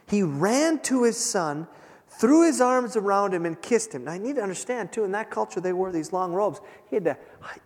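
A man preaching a sermon, retelling a scripture story with dramatic pauses and emphasis. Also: sits high, animated. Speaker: pastor. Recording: long hall reverb.

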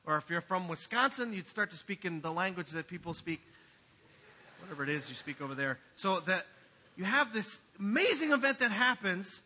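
A man preaching a sermon in a church, swinging from quiet asides to loud, emphatic passages. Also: high-pitched, sing-song, moderate pace, slightly rough. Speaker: pastor. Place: church sanctuary.

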